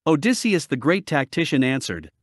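A man narrating an epic poem as an audiobook in an expressive, dramatic reading. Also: fairly high pitch, moderate pace, no room sound, clean studio sound. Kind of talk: scripted narration.

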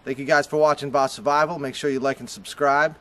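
A man's voice: medium pitch, steady tone, a little fast, sharp tone. A young man with a Boston accent, vlogging casually outdoors at a campground and archery range, chatty and joking with his viewers. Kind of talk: casual vlog to camera.

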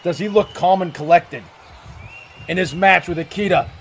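A man giving excited, swearing play-by-play commentary on a wrestling match, shouting at the big moves. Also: high-pitched, normal speed. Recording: music playing behind the voice.

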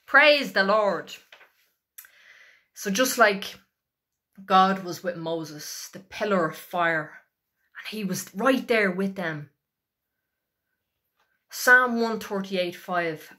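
A woman preaching a sermon, fervent and emphatic, with a repetitive cadence and slow, stressed scripture reading. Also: mid-range voice, lively intonation, pushed and bright. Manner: fervent, emphatic, declaring with rising intensity.

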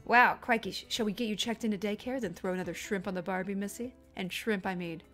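A woman's voice: a little high, sing-song, moderate pace, faint music behind. A woman doing a hammy fake-Aussie dog trainer. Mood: playful. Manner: hammy fake Australian slang. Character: jokey male dog-school receptionist faking an Australian accent.

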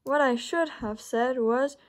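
Storybook girl, read by a woman: unhurried, questioning, fairly high voice. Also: a little hiss or hum. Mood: apologetic.

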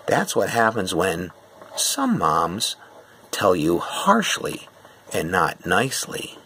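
A middle-aged male teacher slowly and patiently reviewing a grammar quiz with his class, explaining step by step. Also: deep voice, wildly swooping pitch, bright, forceful tone, a little hiss or hum.

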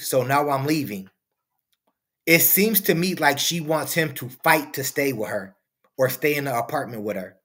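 A man hosting a reaction commentary video, preaching and firing off rhetorical questions. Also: medium pitch. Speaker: commentary channel host.

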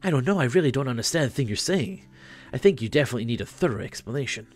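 A man's voice: mid-range voice, very fast, faint music behind, close to an everyday voice. A man voicing a bewildered, sarcastic teenage student in a game, speaking dryly. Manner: sarcastic, deadpan.

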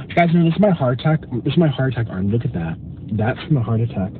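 A man's voice: medium pitch, fast talker, phone-quality sound, slight background noise. A man chatting in a campy, mock-haughty way while vlogging from his parked car, recorded on a phone. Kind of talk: casual car vlog. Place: parked car in a drive-thru line. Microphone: phone camera.

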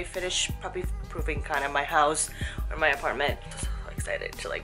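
A young woman vlogging in a casual, giddy way, swinging from hushed asides to excited squeals. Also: fairly low pitch.

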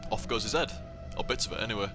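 A man's voice: on the low side, racing, music in the background. A young man commentating a let's play and reading game text aloud, with a sweary, rambling way of talking. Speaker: gameplay commentator.

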